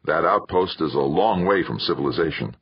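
A man's voice: a bass voice, expressive, brisk, dry recording, muffled recording, exaggerated voice. A man reading an audiobook, voicing a stern, suspicious father who grumbles at his son. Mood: gruff. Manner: gruff, suspicious.

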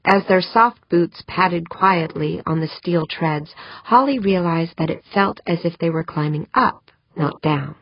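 Brief: steady woman audiobook narrator, lower voice, close dry muffled sound. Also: measured pace, few pauses, no echo. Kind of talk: scripted narration.

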